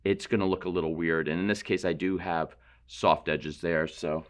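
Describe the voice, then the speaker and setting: Painting instructor, man, deep voice, relaxed explanatory studio demo. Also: normal speed. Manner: relaxed, explanatory, thinks aloud while painting, self-deprecating asides. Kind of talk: painting demonstration.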